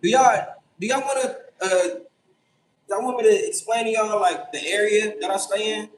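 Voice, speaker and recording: A young man hosting a casual late-night livestream, reading chat and answering with animated, incredulous, profane reactions. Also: sits high, normal speed, a little hiss or hum, poor audio. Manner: animated, incredulous, swears freely. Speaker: livestream host.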